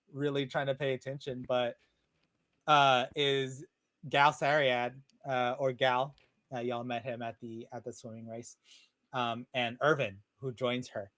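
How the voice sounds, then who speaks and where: A man narrates a tabletop game as its game master in a relaxed, rambling way, full of fillers. His voice sits in the middle range, and the sound is dry and close, as on a video call. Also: mid-range voice, no room sound. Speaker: dungeon master.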